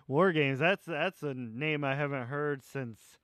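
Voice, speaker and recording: A man hosting a podcast, asking questions and reacting in a relaxed, casual interview. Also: on the high side, takes it slowly, no echo, clean studio sound. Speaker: podcast host.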